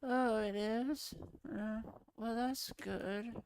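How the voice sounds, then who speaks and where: A woman's voice: fairly high pitch, drawn-out words, darkish tone, smooth, no room sound. A sleepy woman streamer chatting casually with her chat, giggling and rambling as she laughs at herself. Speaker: VRChat streamer.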